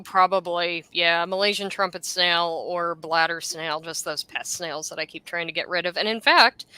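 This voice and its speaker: A woman's voice: on the low side, smooth, dry recording. A woman in casual chat, describing the animals she is selling and laughing easily. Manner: chatty, relaxed, laughs easily. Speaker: seller describing her lot.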